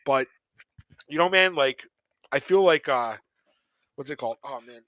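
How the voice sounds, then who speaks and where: A man hosts a podcast, rambling and laughing as he chats casually about fight picks and betting. He keeps a measured pace, with a medium-pitched, fairly bright voice and no room sound.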